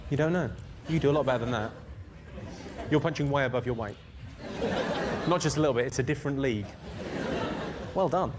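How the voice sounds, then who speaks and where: Brisk and medium-pitched, pausing often, a middle-aged comedian from England teases his audience with dry, crude crowd work. The set is performed live on a comedy venue's stage, with loud crowd noise throughout.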